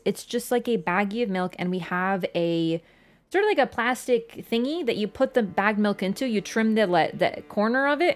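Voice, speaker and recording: Chatty Canadian woman streaming a game. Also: medium pitch. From Ontario, Canada. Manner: chatty, rambling, full of "like" fillers. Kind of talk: casual livestream chat while gaming.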